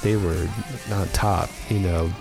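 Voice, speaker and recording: A man's voice: low voice, steady tone, slow, over music. A man hosting a podcast in a casual chat, talking in a rambling, enthusiastic way with many fillers. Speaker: podcast host.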